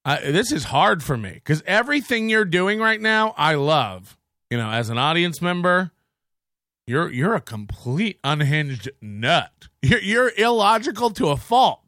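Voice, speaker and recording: A man hosting a comedy podcast, ranting in a mocking, profane way and often breaking into shouts. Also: fairly high pitch, very animated, unhurried, no room sound, studio quality. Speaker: podcast host.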